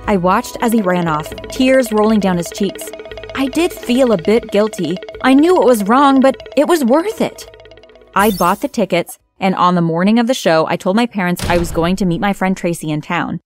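Narrating in the first person as the story's lead, a young woman performs her own dialogue with feeling while background music plays. She talks at a normal speed, her medium-pitched voice rising and falling in a lively way.

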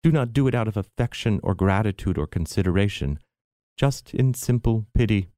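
A man's voice: fairly low pitch, animated, moderate pace, warm tone, dry recording, clean studio sound, lightly acted. A man voicing a theatrical, bitter, self-pitying aging mother in an arch, mannered way.

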